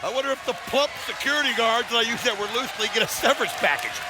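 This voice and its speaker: Wisecracking male commentator, lively high voice. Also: very noisy. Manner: wisecracking, quick asides. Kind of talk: color commentary. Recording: broadcast mix with loud music and crowd.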